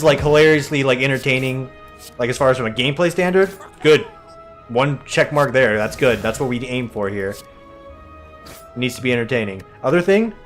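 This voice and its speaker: A young man giving rambling, jokey commentary while playing a game, acting out what his friends say. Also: medium pitch. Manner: chatty, animated, jokey, acts out quoted friends. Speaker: streamer and let's-play host.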